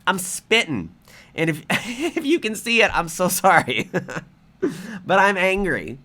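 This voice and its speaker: A man's voice: fairly high pitch, bright, forceful tone. A man giving angry, profane reaction commentary in a heated ranting manner. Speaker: commentary vlogger.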